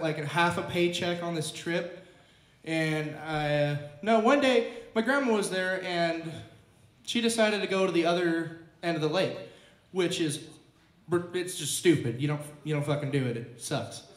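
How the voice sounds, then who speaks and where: Young man, high-pitched storyteller, crude and animated, roomy echo. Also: measured pace. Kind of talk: storytelling to a live audience. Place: roomy clubhouse. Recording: echoey room.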